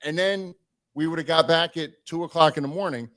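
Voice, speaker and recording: On a live stream, a man tells a long road story in a casual, animated way, swearing and acting out the people he quotes. His voice is a little high and smooth, and he talks a little fast.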